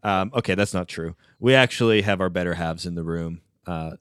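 A man's voice: sits low, brisk, smooth, no echo, studio quality. A man who is a pastor hosting a podcast, chatting casually with upbeat, joking banter.

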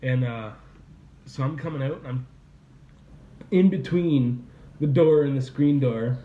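A man's voice: medium pitch, measured pace, reverberant. A young man hosting a podcast, telling a rambling story in casual chat, laughing and swearing as he goes. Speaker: podcast host. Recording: slightly dull lo-fi podcast audio, faint ambience.

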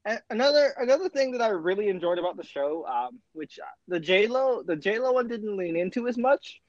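A man's voice: sits high, expressive, a little fast, no room sound. A man co-hosting a podcast, chatting enthusiastically about a TV series with lots of fillers and restarts. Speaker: podcast co-host. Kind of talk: casual chat reviewing a TV series. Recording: dull lo-fi dry mic.

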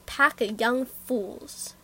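A woman reading the part of a stubborn old village man in a story, speaking stoutly and gruffly. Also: on the high side, a little slow. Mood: grumbling.

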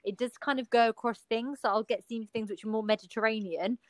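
A woman actor chatting casually about her work, talking with quick restarts and repeated words. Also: a little high, fairly even intonation, dry recording. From Italian heritage. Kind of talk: casual chat.

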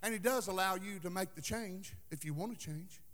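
A male pastor preaching a fervent sermon in a church, with a sing-song cadence that swings from hushed asides to shouting. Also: high-pitched, brisk, in a large hall. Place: church sanctuary.

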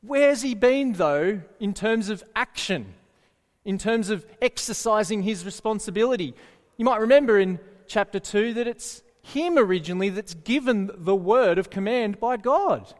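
Earnest male preacher, high voice, slow, echoey hall sound. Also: expressive. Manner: earnest, asks the listeners questions. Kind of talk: sermon.

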